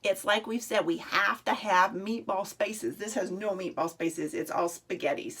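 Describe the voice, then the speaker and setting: A woman's voice: mid-range voice, a bit bright, slightly rough. Sing-song kindergarten teacher woman. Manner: sing-song, coaxing teacher talk with slow, stretched sounds. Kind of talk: remote reading lesson for young children. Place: at home.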